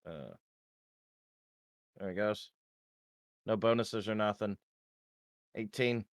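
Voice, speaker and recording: A man playing in a tabletop game, chatting casually, swearing freely and thinking out loud. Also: lowish voice, level tone, slow pace, no echo, clean studio sound. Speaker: player.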